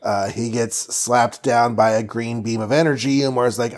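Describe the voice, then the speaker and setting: A man's voice: medium pitch, flat delivery. A man chatting casually on a podcast, walking through a comic book story. He keeps it jokey and breezy and slips into goofy voices for a moment. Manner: jokey, does quick silly voices for characters. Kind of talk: casual chat, retelling a comic plot.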